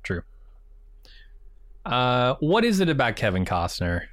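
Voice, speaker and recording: A man co-hosting a casual TV recap podcast, summarizing the plot in a plain, steady way. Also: medium pitch, measured pace, no echo, clean studio sound. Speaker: podcast co-host.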